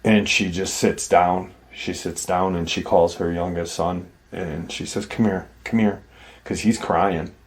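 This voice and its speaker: A man with a low voice, fairly even intonation and a measured pace hosts a paranormal channel. He retells an encounter story in a rambling, conversational way, full of "like" and "you know."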